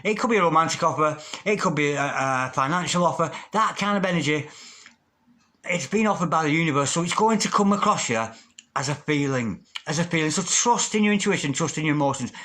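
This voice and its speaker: A man's voice: on the high side, lively intonation, brisk, bright, forceful tone. A man giving a tarot reading in a video, repeating prayer-like invocations and exclaiming over the cards. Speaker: tarot reader.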